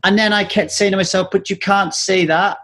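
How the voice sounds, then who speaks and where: Candid, fairly high-voiced man host. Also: fairly even intonation, a little fast, fairly bright tone. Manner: candid, swears freely, storytelling. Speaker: podcast host. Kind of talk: casual interview chat.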